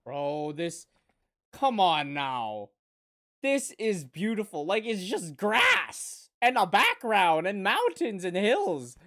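This is a young woman hosting a reaction video, commenting casually as she watches. Her voice swings through a very wide pitch range, and her delivery is unhurried. She breaks into sudden, loud outbursts full of swearing. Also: huge pitch swings. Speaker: anime reaction host.

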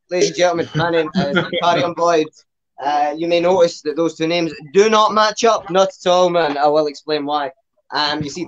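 A man's voice: a little high, dull audio. Sweary Glaswegian man doing stand-up. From Scotland. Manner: rambling, sweary, ends lines with "man". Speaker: stand-up comedian. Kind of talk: stand-up set at an online open mic.

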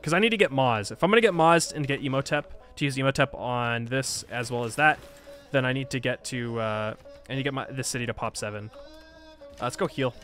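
Man, gameplay commentator, thinks aloud, mid pitch, self-mocking grumbles, faint music bed. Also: brisk, fairly bright tone. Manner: thinks aloud, frustrated and self-mocking, frequent sighs and laughs. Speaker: gaming YouTuber. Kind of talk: casual Let's Play commentary.

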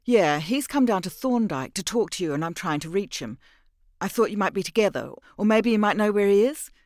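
A man voicing an anxious, breathless middle-aged society wife, speaking high and urgently in an audiobook. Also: lively intonation, a little fast, dry recording, clean studio sound.

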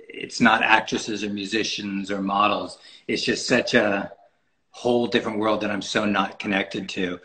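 A man's voice: fairly low pitch, pushed and bright, rough recording. Rambling man guest, full of fillers. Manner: rambling, many fillers and restarts. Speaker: photographer guest. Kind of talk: casual interview talk. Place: podcast recording.

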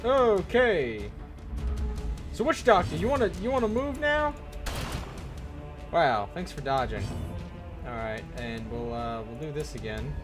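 A young male gamer talks through his gameplay, shouting and swearing whenever it goes wrong. His voice sits a bit high for a man and leaps all over the place. He tends to drag his words out slowly. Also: over music. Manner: excitable, swears and yells at the game. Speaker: gaming video host. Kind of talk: gameplay commentary.

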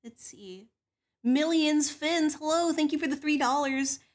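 A woman's voice: high voice, steady tone, moderate pace. A woman hosting a stream who chats casually and reads out donations in a bubbly, giggly way. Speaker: stream host. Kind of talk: casual chat, reading donations.

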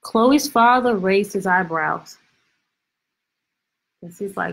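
A woman teacher reading a picture book aloud to her class over a video call, expressive and full of questions. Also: medium pitch, takes it slowly, creaky, long pauses, rough recording. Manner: lively, expressive, stretches words, asks questions. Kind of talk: storybook read-aloud lesson.

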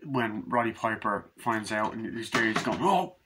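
A man's voice: fairly low pitch, flat delivery, moderate pace, heavy background noise. A young man giving a rambling, casual film review, swearing freely and acting out scenes in voices.

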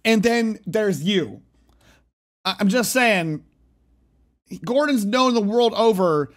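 Excitable high-voiced young man reacting. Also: slow, long pauses. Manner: excitable, jokey, talks back at the screen. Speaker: streamer reacting to a TV clip. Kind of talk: casual reaction commentary.

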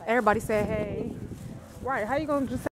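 A young woman vlogging from her phone, chatting excitedly with her viewers as she walks through a busy shopping center and a crowded restaurant. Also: fairly high pitch, fast talker. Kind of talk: casual handheld vlog. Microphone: phone camera held in hand. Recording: loud crowd and noise on a phone mic. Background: crowd chatter and street noise.

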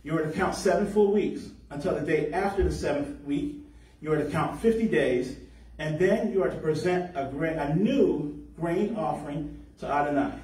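Man, sermon, mellow slightly high voice, distant mic, echoey room. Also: normal speed. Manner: explanatory, stretches key words for emphasis. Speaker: congregation teacher. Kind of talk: sermon on scripture.

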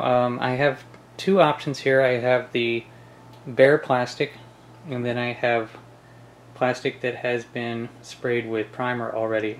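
Gravelly man explaining a paint test. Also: medium pitch, slight background noise. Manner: relaxed explaining, many ums and restarts. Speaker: hobbyist reviewer. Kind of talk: casual product test vlog. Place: home shed.

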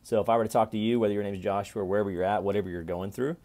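Casual lower-voiced man musing on scripture. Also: fairly even intonation, very fast. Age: 40s. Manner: conversational and repetitive, with sudden loud playful callouts. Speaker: vlogger reading and reflecting on scripture. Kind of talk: casual Bible reflection.

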